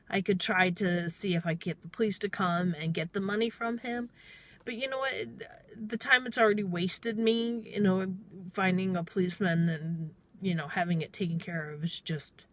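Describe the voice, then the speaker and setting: Chatty woman taxi driver, slightly low voice. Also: normal speed. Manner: chatty and rambling, quoting herself with "I'm all". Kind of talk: casual storytelling vlog.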